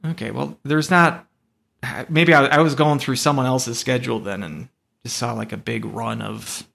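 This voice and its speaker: A man co-hosting a casual sports chat, halting and correcting himself as he talks. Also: medium pitch, fairly even intonation, vocal fry, a bit bright. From Upper Midwest. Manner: halting, self-correcting delivery. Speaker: podcast co-host.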